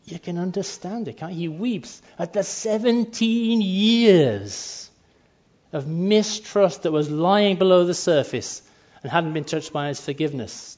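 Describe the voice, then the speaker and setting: A man's voice: fairly high pitch, a little mellow. A man preaching a sermon in a conversational way, sometimes acting out quoted lines. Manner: conversational, acts out brief quoted asides. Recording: muffled lo-fi sound.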